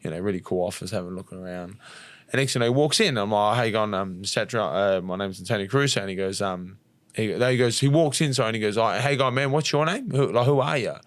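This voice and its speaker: A young Australian man, a fighter guest on a podcast, telling a story in a lively, casual way, acting out the quotes and swearing now and then. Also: on the low side, no room sound. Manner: rapid, animated storytelling with acted-out quotes and swearing.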